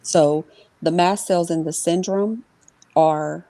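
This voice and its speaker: Woman in an interview, gravelly, darker tone, dry close sound, relates events with lots of "um" and "like". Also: lowish voice, steady tone, mellow, no room sound. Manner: quick storytelling with many fillers and restarts; voices others in her retelling. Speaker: interview guest. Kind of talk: emotional personal account in an interview.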